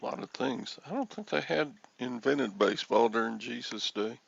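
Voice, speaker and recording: A man's voice: medium pitch, moderate pace, creaky, breathy edge, lo-fi sound. A man in his sixties hosting a reseller livestream, rambling and joking as he answers chat comments. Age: 60s.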